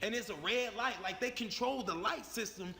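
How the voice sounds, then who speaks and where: A young man tells his story in a heated, profane, emphatic voice. His voice sits high and sounds sharp and forceful. A long reverb trails after his words. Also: moderate pace, vocal fry. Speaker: YouTuber telling his story. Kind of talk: animated storytelling.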